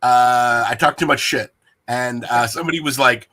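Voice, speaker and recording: Bright, playful male host. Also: mid-range voice, fairly even intonation, brisk. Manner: playful, rambling and jokey. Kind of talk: casual livestream chat.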